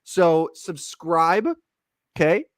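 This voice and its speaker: A man's voice: on the high side, very slow, dry recording. A man co-hosting a casual sports podcast, rambling and joking as he talks baseball and reads the show plugs. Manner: rambling, jokey, animated sign-off. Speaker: podcast co-host.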